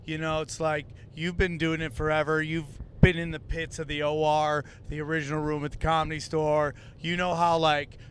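A male podcast host with a fairly high voice, chatting casually with a guest. He jumps in with enthusiastic, emphatic comments and praise. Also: little pitch movement, moderate pace, few pauses, slight background noise. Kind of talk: casual chat.

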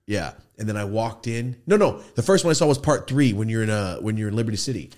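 Speaking fast in a lowish, expressive, slightly mellow voice, a podcast host in his thirties spins a casual story full of profanity. He performs the quoted voices himself, recording in a podcast studio.

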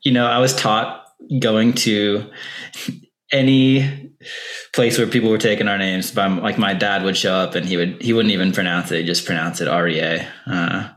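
Deep-voiced young man, relaxed and rambling. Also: normal speed. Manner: relaxed, rambling, many ums and likes. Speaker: guest, professional trail runner. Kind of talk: casual interview talk.

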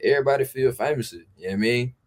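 A man's voice: medium pitch, very fast. Laid-back man telling road stories. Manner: loose, profane, laid-back storyteller. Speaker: podcast guest. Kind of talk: casual storytelling chat.

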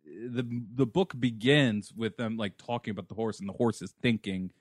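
A man co-hosting a casual movie podcast, playful and quick to joke in silly voices. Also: on the low side, dry recording, studio quality. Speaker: podcast co-host.

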